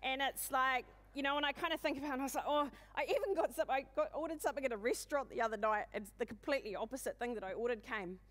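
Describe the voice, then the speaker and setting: A woman in her forties with a New Zealand accent, giving a humorous, self-deprecating keynote talk in a loud, booming voice and speaking fast. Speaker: conference speaker. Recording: long hall reverb.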